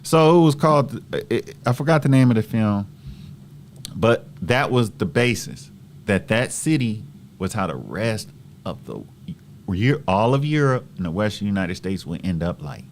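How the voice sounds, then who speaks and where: A man in his forties from Southern California with a low-pitched voice tells a long personal story. His delivery is animated and profane, and he acts out the dialogue of everyone in it. A faint hum sits behind him. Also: normal speed. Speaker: host. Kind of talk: casual storytelling monologue.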